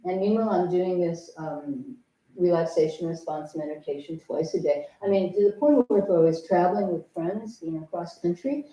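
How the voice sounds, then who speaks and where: An older woman with a low, mellow voice speaks as a Zen teacher, telling a personal story frankly and with dry humor. She is heard from some way off in an echoey hall. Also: normal speed, recorded from a distance, lo-fi sound. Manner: frank, humorous, acts out remembered dialogue. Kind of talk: dharma talk with personal storytelling. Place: temple meditation hall.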